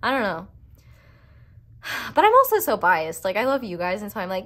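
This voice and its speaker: A woman's voice: mid-range voice, huge pitch swings, moderate pace, long pauses, fairly bright tone. A woman giving a casual pick-a-card tarot reading, chatty and rambling with playful, self-mocking asides. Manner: chatty and rambling, full of "like" fillers. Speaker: tarot reader.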